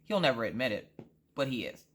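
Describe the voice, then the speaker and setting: A woman vlogger chatting casually, rambling through an animated story with frequent asides. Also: extremely low pitch, a little fast, husky. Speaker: crafting vlogger. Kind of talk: casual chat.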